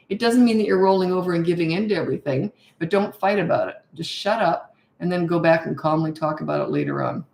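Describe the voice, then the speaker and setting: A woman's voice: fairly low pitch, very animated, fast, few pauses, darkish tone, echoey room. A middle-aged woman coaching parents in a live Q&A, giving blunt, no-nonsense advice with rhetorical questions. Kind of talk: live Q&A, answering viewer questions.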